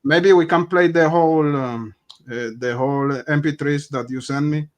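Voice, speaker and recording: A man hosting an interview, speaking hesitantly and haltingly. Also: on the high side. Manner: hesitant, many fillers. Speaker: interview host. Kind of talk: casual interview talk.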